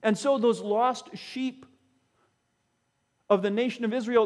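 Male preacher, dramatic sermon, slow delivery, long echo in a church hall. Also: extremely high pitch, fairly even intonation, a little mellow. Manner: dramatic, acts out the voices of Bible figures.

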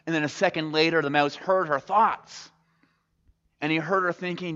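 A man preaches in a church and tells his story with plenty of expression. His voice sits a touch high. The recording is dull and lo-fi, and a long reverb hangs in the sanctuary. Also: brisk. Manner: expressive storytelling, reflective close. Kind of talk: sermon storytelling.

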